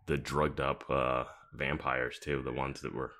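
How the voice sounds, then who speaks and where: A man's voice: a bass voice, little pitch movement, a little slow, pushed and bright. A man co-hosting a podcast, chatting casually and rambling with hedges and fillers. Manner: rambling, hedging with "uh" and "I don't know". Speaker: podcast co-host. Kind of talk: casual recap chat.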